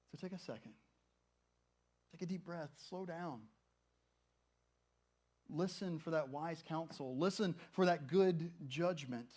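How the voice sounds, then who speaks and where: A male pastor preaching a conversational, humorous sermon who acts out quoted thoughts. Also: fairly high pitch.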